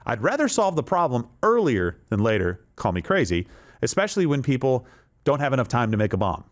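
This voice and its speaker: A man's voice: medium pitch, a little fast. A man hosting political commentary in an emphatic, sarcastic way. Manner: emphatic, sarcastic, animated delivery. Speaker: host.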